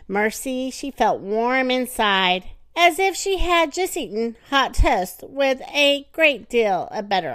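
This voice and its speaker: Animated high woman reading a storybook. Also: no echo, studio quality. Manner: expressive, animated, dramatic pauses. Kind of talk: reading a children's story aloud.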